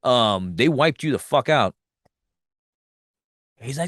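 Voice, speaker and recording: A man hosting a podcast, retelling a film's plot in a loose, profane, animated way and acting out the characters' lines. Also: medium pitch, moderate pace, pauses often, dry recording, clean studio sound. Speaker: podcast host. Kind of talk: casual movie recap.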